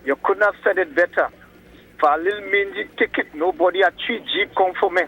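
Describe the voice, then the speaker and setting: A man calling a radio show and agreeing warmly with the host. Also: high-pitched, fairly quick, phone-quality sound. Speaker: caller. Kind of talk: call-in chat.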